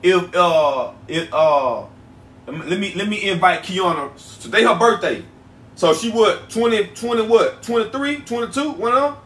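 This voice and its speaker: A man's voice: high voice, lively intonation, a little slow, a bit bright. A man hosting a casual livestream, chatting loosely with viewers, often repeating himself and stretching out his phrases. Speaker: livestream host selling herbal products. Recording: echoey room, voice a bit far from mic.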